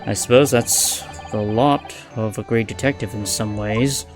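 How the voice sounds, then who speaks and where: A man's voice: on the low side, steady tone, a little slow, faint music behind, voice pushed down, close to an everyday voice. A man voicing an earnest, self-doubting young male lawyer in close to his own voice, reading game dialogue. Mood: polite.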